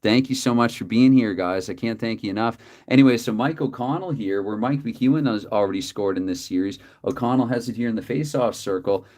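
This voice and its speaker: A man calling play-by-play for a dice hockey game from his desk, chatty and quick to correct himself with apologetic asides. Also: medium pitch, darkish tone. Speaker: tabletop hockey game host.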